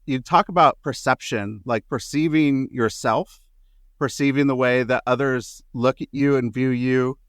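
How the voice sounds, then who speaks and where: A man hosting an interview podcast, asking long, thoughtful questions with searching pauses and self-corrections. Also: medium pitch, fairly even intonation, dry recording, studio quality. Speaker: podcast host.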